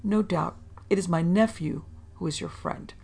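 A woman voicing a formal, courteous older gentleman welcoming a guest in a storybook reading. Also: lowish voice, normal speed, creaky, slightly rough.

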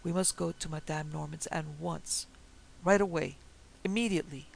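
An excitable little French detective with a French accent bursts out in quick, formal exclamations, as a man acts him out. The voice sits a touch high, with a gravelly edge. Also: rough recording. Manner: impetuous, exclamatory, formal phrasing.

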